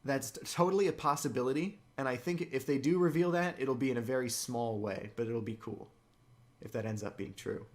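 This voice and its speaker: A man co-hosting a podcast in casual chat, excited, his voice jumping up in pitch when he gets keen. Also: fairly quick. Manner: excited, with sudden upward jumps in pitch. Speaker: podcast co-host. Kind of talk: casual chat about a comic.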